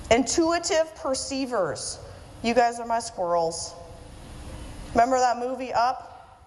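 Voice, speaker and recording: A woman's voice: a little high, takes it slowly, a little mellow. A woman giving a humorous conference talk to an audience, chatty and self-mocking. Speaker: keynote speaker and author. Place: event hall with audience. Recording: reverberant hall, faint room noise.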